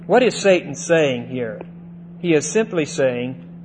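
A man teaching the Bible verse by verse, deliberate, stressing single words and checking in with "see?" and "okay?". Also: on the high side, animated, darkish tone, slight background noise, poor audio.

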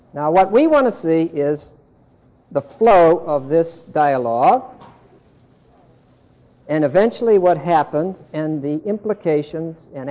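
A man teaching a Bible lesson, animated, acting out the dialogue in the text and repeating himself as he goes. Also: fairly high pitch, highs cut off.

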